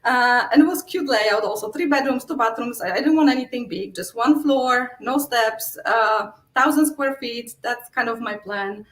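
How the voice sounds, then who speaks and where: A middle-aged Polish woman, a real estate investor, is a guest in a casual interview, speaking with a Polish accent. Her voice is a little high, at normal speed with few pauses. She tells stories, acts out her own quotes, and laughs often, all in an echoey room.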